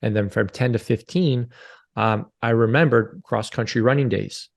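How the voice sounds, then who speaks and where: A man in his forties speaks as a podcast guest, earnest and confessional, circling back over his own words as he tells a personal story. His pitch sits in an ordinary middle range for a man. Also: normal speed, creaky. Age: 40s. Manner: earnest, confessional, repeats phrases. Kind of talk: candid interview storytelling.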